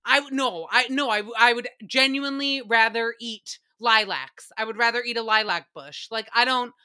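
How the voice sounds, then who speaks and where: Bright, foul-mouthed young woman host. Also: on the high side, normal speed, smooth. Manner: profane, animated storytelling with laughs. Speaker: podcast host. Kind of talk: casual solo recap chat.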